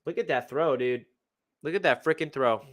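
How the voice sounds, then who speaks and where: A young man excitedly breaking down game film as a fan analyst, talking in a slangy way full of exclamations. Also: a little high, moderate pace.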